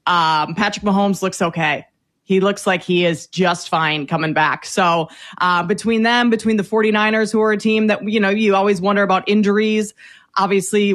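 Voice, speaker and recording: A woman hosting a sports betting show, chatty with lots of fillers and quick bursts. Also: lowish voice. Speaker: host. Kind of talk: casual sports talk.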